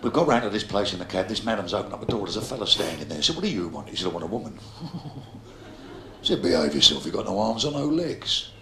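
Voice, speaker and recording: Heard in a 1990s live video from an echoey theatre hall, a Cockney stand-up from London in his fifties delivers a crude set, brashly teasing and heckling the crowd. The voice is lowish, very animated and fast, with a slight hiss or hum. Audience laughter rings out loudly behind him.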